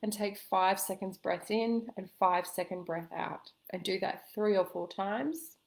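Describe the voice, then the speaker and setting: A woman coaching listeners in a calm, gentle way, giving a spoken self-help lesson with slow pauses. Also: mid-range voice, gravelly. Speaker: intuitive coach.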